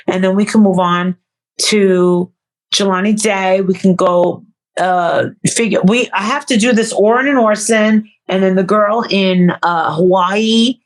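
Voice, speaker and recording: A woman's voice: medium pitch, steady tone, a little slow. A woman speaking as a guest in a casual interview. She is blunt and swears freely. She laughs often between her remarks.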